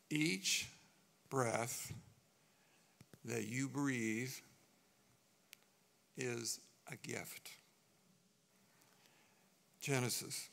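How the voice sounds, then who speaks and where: Male preacher for a memorial sermon; slow measured phrasing with dramatic pauses and a gravelly edge. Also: medium pitch, fairly bright tone.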